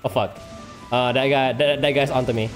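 A streamer giving excitable live gameplay commentary, full of trash talk, laughter, repeated taunts and non-native English grammar. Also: medium pitch, fairly quick, faint music behind. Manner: taunting, repeats short phrases.

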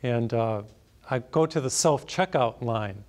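A man's voice: medium pitch, unhurried, a little mellow. A man, a priest, preaching a sermon through a personal anecdote, storytelling animatedly and laughing at himself.

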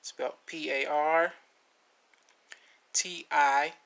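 A man hosting a vocabulary video, naming each word, spelling it letter by letter and repeating it, with relaxed asides. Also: on the high side, drawn-out words, vocal fry. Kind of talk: slow spelling lesson.

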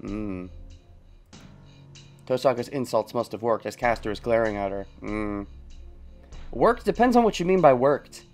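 A man's voice: lowish voice, expressive, normal speed, darkish tone, faint music behind. A man hosting a let's play, thinking aloud about a story and chuckling often as he comments casually.

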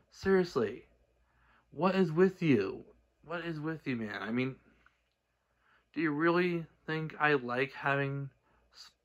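A young man ranting straight to camera, exasperated and scolding, tripping over restarts and swinging between low mutters and shouted outbursts. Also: lo-fi sound. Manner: stumbling restarts. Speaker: cartoon creator. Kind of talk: angry direct-to-camera rant.

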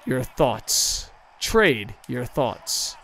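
A man casually commenting over a hockey video game, excitable, swearing often and talking to himself. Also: medium pitch, extremely slow, gravelly. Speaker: gaming streamer.

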